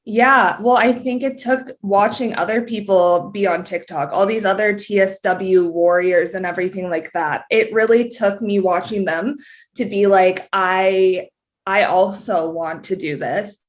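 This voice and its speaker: A woman's voice: mid-range voice, a little slow. A young Canadian woman with a Canadian accent, a guest on a casual podcast, talking openly and laughing often. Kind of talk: casual interview chat.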